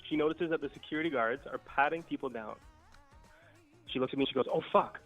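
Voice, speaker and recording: A man's voice: mid-range voice, fast talker, dull audio, soft background music. A young man casually telling a long, profane party story on a podcast, laid-back and swearing freely. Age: young adult. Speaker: guest storyteller.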